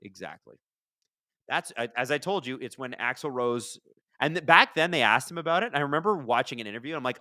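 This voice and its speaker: A man hosts a live hockey watchalong, rambling through stories and chatting with his viewers, then snapping back to call the plays. His voice is bright and forceful, recorded close and dry with no room sound. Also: medium pitch, brisk, no room sound. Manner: rambling, chatty, jumps from storytelling to excited play calls. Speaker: livestream watchalong host.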